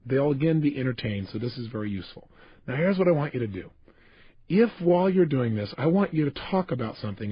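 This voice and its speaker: A man's voice: a little high, slightly rough, no room sound. A man speaking as a motivational speaker on a recorded self-help tape, passionate and emphatic, addressing the listener directly. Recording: dull lo-fi tape.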